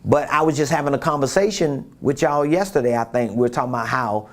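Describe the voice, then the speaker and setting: A man's voice: mid-range voice, fast talker. Emphatic man coaching on business. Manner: emphatic, repeats key points; acts out quotes with voices. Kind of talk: coaching talk.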